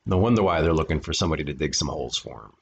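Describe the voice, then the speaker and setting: A man's voice: a bass voice, animated, rapid-fire, vocal fry, slight background noise. A man reading a children's picture book aloud as a storyteller, breaking off for chatty asides to his listeners. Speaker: storyteller for an art studio. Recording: dull lo-fi recording.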